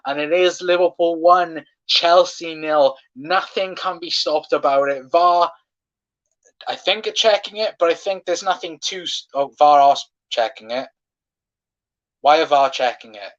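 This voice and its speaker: A man's voice: on the high side, measured pace, a bit bright. A man hosting a live football watchalong, passionately ranting and swearing at referee decisions, on a dull lo-fi stream mic. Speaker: fan watchalong host.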